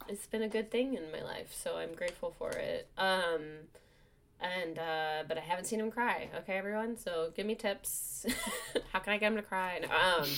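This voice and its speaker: A woman's voice: fairly low pitch, normal speed, a bit bright, slight background noise. A woman hosting a podcast in casual chat, self-mocking and full of fillers. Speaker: podcast host.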